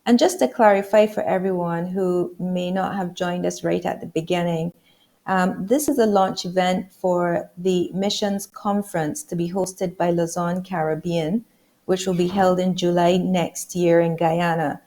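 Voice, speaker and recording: A woman moderating a video-call webinar, polite and measured, with some fillers. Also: fairly low pitch, fairly even intonation, warm tone.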